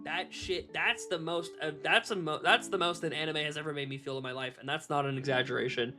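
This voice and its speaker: A young man streaming live, chatting casually to his viewers, animated, laughing often and swearing freely. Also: on the high side, fairly quick, over music.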